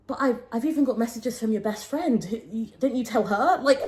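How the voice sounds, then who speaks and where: A young woman hosting a casual storytime podcast, talking animatedly and dropping low and hushed when she quotes people. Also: brisk, noisy background. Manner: animated, swings between raised exclaiming and low, hushed quoting. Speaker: podcast host.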